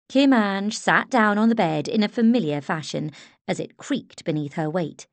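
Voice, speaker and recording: A woman narrating an audiobook in a measured, expressive way. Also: medium pitch, no echo. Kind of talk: scripted narration.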